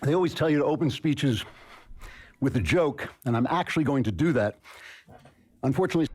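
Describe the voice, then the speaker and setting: A man's voice: fairly high pitch, animated, darkish tone, a little hiss or hum. Dry-humored man giving a lecture. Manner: dry, deliberate, self-deprecating humor. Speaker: guest speaker. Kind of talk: university lecture speech. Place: lecture hall before an audience.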